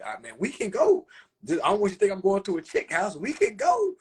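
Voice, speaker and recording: Southern guy on a phone live stream, husky voice, pitch all over the place, cussing and calling everybody y'all. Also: moderate pace. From South Carolina. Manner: animated, profane, talks to viewers as y'all. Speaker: livestream host. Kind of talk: casual storytelling on a livestream.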